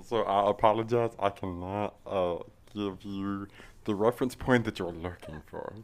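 Guy putting on a stiff prim young football player voice, super polite, wordy, kinda low. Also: normal speed, slight background noise, lightly acted. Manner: formal, overly polite, wordy. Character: stiff formal young male football center, odd prim voice. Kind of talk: comedy sketch acting.

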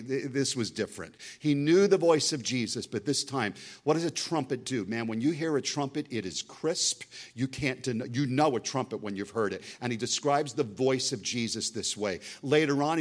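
A male guest preacher delivering a sermon with real fervor. His voice sits at an ordinary middle pitch, but he swings between loud, emphatic bursts and hushed, intense passages. He slows right down whenever he reads scripture aloud. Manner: quotes scripture in a slowed, dramatic read.

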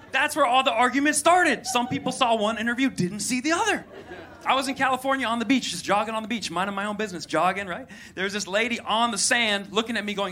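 A man's voice: extremely high pitch, animated, fast talker, pushed and bright. A man performing a stand-up routine on a comedy club stage, acting out both sides of quoted exchanges with punchy timing. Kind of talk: stand-up routine before a live audience. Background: faint audience laughter and crowd noise.

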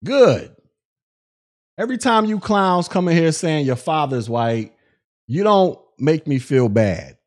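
A man's voice: on the high side, lively intonation, a little slow. A male podcast host on a live stream, ranting in a profane, mocking way at critics.

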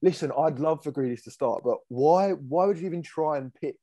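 A man's voice: a little high, a little fast, dry recording. A man, co-hosting a casual football chat over a video call and telling stories with put-on voices. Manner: animated storyteller, mimics voices in anecdotes. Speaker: podcast co-host.

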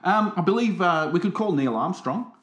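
Co-host, man, jokey banter, animated pitch, echoey room sound. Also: normal speed. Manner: playful, bantering. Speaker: podcast co-host. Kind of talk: casual chat.

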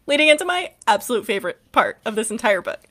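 A woman's voice: on the high side, sing-song, normal speed, a bit bright. A young woman co-hosting a casual book podcast, retelling the plot with lots of laughter and swearing. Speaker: podcast co-host.

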